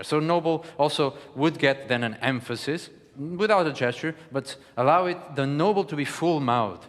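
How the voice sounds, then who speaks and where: A man leads a declamation class, coaching students through lines of verse with lively, hesitant explanations. His voice sits a little high for a man. A long hall reverb trails after his words. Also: normal speed, few pauses. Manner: animated, coaching, frequent hesitation fillers. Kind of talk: teaching lecture with spoken demonstrations.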